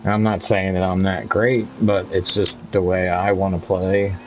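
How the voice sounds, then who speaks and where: A man's voice: sits low, little pitch movement, a little slow, highs cut off, slight background noise. A talkative man in his fifties chatting casually over gameplay as a streamer, rambling from story to story and laughing often. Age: 50s. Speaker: gaming streamer.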